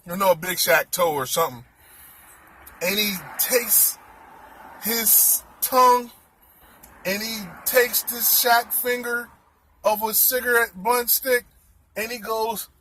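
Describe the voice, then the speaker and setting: A man telling a comic story in an animated, exclaiming way, repeating his words. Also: sits high, slow, pauses often, a little hiss or hum.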